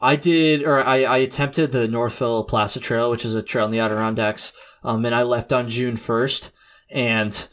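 A young New England man hosts a podcast in a laid-back casual chat, saying "dude" and "like" a lot and laughing often. His medium-pitched voice is a bit bright, with a steady tone and normal speed.

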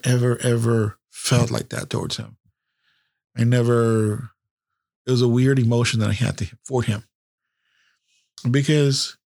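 A man's voice: mid-range voice, vocal fry, no room sound, clean studio sound. A man in his fifties, a podcast host telling a personal story in a candid, casual way with heavy swearing.

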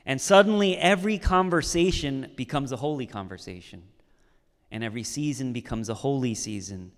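A man's voice: mid-range voice, a little fast, long reverb tail. A man who is a pastor, preaching a sermon and telling a personal story in an easy, conversational way, with frequent "right?" asides.

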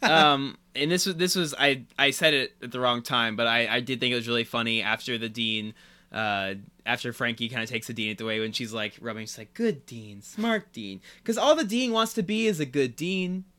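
A man's voice: medium pitch, animated, fairly quick, bright, forceful tone. A man co-hosting a podcast, casually recalling favorite moments of a TV episode and laughing often. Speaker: podcast co-host. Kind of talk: casual chat about a TV episode.

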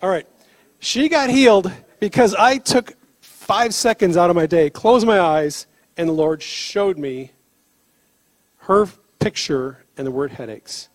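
Male preacher, high-pitched, lively storyteller, dry close sound. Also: measured pace, no room sound. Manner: animated storyteller, laughs often, acts out dialogue. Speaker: preacher on healing ministry. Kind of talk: sermon with storytelling.

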